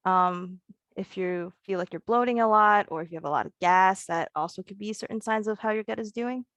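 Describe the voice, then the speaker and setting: A woman's voice: medium pitch, fairly quick, fairly bright tone, dry recording. Young woman student presenter, dry sound. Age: young adult. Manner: hesitant, list-like explaining. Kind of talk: casual presentation.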